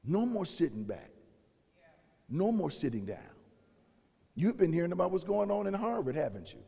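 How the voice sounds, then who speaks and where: A man's voice: high voice, sing-song, moderate pace, creaky, dark tone, breathy edge. A male pastor preaching a sermon, building in intensity and voicing the people he quotes. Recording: long reverb of a large hall.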